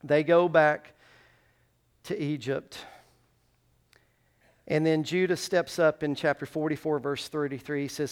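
A man's voice: on the high side, steady tone, unhurried, pauses often, smooth. A male pastor preaching a sermon, retelling a Bible story with emotion and briefly singing a refrain.

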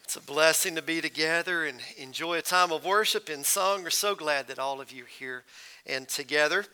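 A man's voice: a little high, moderate pace, bright, forceful tone, smooth. A male pastor preaching a sermon, telling a folksy story to his congregation.

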